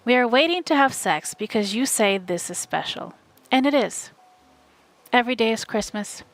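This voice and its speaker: A woman streamer reading a novel aloud live from home, in steady, wry first-person narration. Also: a little high, moderate pace.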